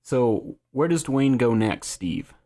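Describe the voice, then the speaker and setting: A man hosts a casual podcast chat, leading the recap and prompting his co-hosts with questions. His medium-pitched voice is warm and very animated, and he takes things slowly.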